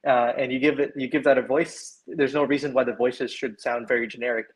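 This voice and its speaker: In an online discussion, a Canadian panelist gives lengthy explanations peppered with "right?". His husky, mid-range voice moves a little fast with fairly even intonation, and the video-call audio is poor.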